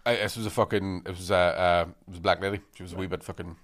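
A man, a guest comedian, telling animated, sweary stories in casual podcast chat and laughing as he goes. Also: low-pitched, fast. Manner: animated, sweary, often laughing mid-sentence.

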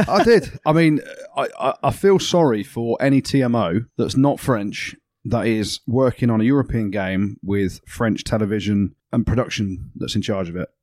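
A man's voice: mid-range voice, moderate pace, no room sound. A man co-hosting a rugby podcast in a studio, chatting casually, laughing often and telling stories with energy. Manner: laughs often, animated storytelling. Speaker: podcast co-host, rugby commentator. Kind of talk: casual chat.

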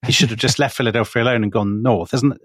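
A man co-hosts a podcast and tells history in a lively, teasing way. His voice sits at a middling pitch. He is heard up close, dry, with no room sound around him. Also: fast, no echo. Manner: chatty, teasing storyteller. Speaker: podcast co-host. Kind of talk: casual history chat.

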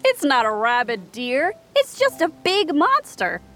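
A woman's voice: sits high, wildly swooping pitch, a little slow, pushed and bright, exaggerated voice. A woman voicing a timid young male snake who scares easily, in a children's audio story. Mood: nervous. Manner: jumpy, nervous, easily frightened.

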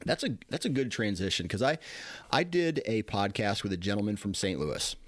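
A man hosting a podcast, talking in a slow, measured way with frequent fillers. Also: lowish voice, animated, no room sound. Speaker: podcast host. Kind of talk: casual interview chat.

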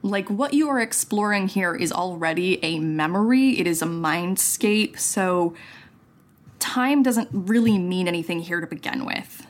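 Woman GM, slightly low voice, calm measured narration for an audio tabletop game. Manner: gentle, measured narration with frequent ums. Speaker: game master. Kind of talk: narrating a tabletop role-play.

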